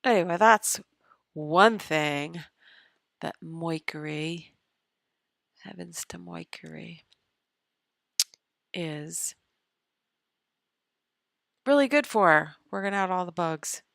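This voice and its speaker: A woman's voice: lowish voice, expressive, slow, gravelly, pauses often, a bit bright, no room sound, studio quality. A woman hosting an astrology live stream, chatting casually and muttering half-whispered asides to herself while she fixes her screen sharing. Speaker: astrology show host.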